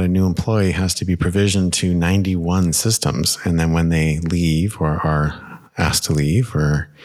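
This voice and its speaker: A middle-aged man hosting a podcast on a close studio microphone, talking in a casual, playful, rambling way, with fillers and self-corrections. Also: deep voice. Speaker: podcast host.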